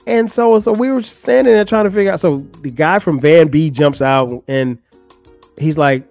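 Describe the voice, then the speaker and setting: Telling a funny story casually on his podcast, a man speaks at a moderate pace and acts out those he quotes, his pitch climbing animatedly. The sound is dry, with faint music behind.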